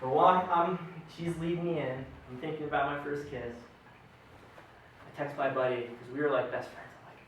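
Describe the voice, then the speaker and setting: A young man tells a stand-up story, animated and self-mocking, and acts out the other characters as he goes. His voice sits a bit high. He is heard from a distance in a very echoey room, with a faint hiss of ambience behind him. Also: moderate pace. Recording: very echoey room, mic far off.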